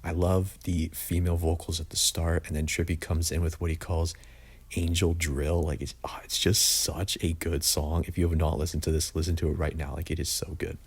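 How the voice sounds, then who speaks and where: A man's voice: low-pitched, level tone, normal speed, breathy edge. A young man reviewing music in a casual, opinionated way, blunt and full of "like". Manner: opinionated, blunt, says "like" often. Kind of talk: casual album ranking review.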